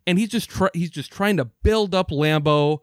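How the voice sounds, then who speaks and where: A man's voice: sits high, normal speed, no echo, studio quality. A man co-hosting a sports podcast, ranting in a heated, profane way. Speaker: podcast co-host. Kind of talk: casual sports podcast chat.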